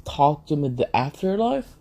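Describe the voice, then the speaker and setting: A polite male angel attendant, calm and unhurried in his courtesy, as a man puts him on. His voice is mellow and dark. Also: a little high, vocal fry, heavily acted. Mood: courteous.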